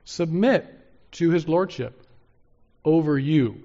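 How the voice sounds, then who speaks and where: A man's voice: fairly high pitch, slow, dark tone, lo-fi sound. A male pastor preaching a sermon in an emphatic way, repeating key phrases for stress.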